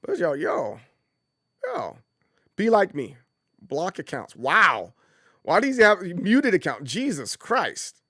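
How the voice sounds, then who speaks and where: A man hosts a casual livestream, animatedly rambling, circling back and repeating his points. His voice sits high, he talks slowly and pauses often, and the studio sound is clean with no echo.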